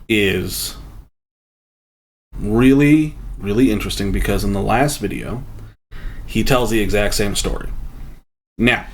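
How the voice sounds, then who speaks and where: A man giving casual, thoughtful commentary on a video, reasoning out loud with many fillers. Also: lowish voice, slight background noise. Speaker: reaction video host.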